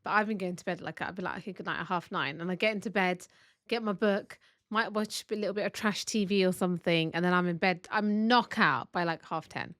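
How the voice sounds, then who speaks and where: A woman co-hosting a podcast from home, telling stories in a chatty, animated way. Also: lowish voice, brisk, no echo, clean studio sound. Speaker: podcast co-host. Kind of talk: casual chat. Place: family home.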